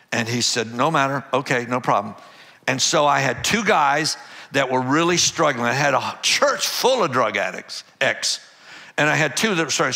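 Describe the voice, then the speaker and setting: Bright-voiced older pastor telling a story. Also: male voice, a little high. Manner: animated storyteller acting out dialogue, laughing. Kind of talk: storytelling testimony.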